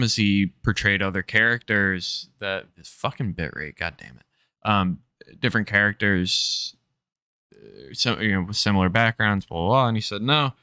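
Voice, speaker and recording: A man's voice: lowish voice, bright, forceful tone, smooth, no echo, clean studio sound. A man streaming, chatting casually and profanely while reacting to a clip. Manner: profane, offhand, loose.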